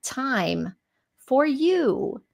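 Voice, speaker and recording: A middle-aged woman co-hosting a casual chat, telling stories in an animated way and acting out quotes. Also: high-pitched, extremely slow, creaky. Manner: animated storyteller, laughs often, acts out quotes. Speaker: podcast co-host.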